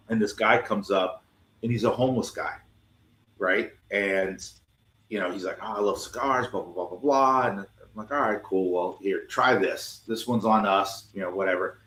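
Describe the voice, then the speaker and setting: A man's voice: fairly low pitch, normal speed, fairly bright tone, echoey room, rough recording. A man, a cigar company co-owner, telling stories in casual chat and acting out the dialogue with animation. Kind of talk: casual storytelling.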